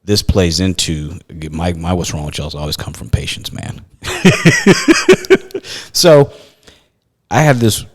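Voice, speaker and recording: A man's voice: sits low, wildly swooping pitch, slow, pauses often, long reverb tail. A man co-hosting a podcast, chatting casually and telling a story with quoted dialogue, laughing often. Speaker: podcast co-host. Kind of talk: casual chat.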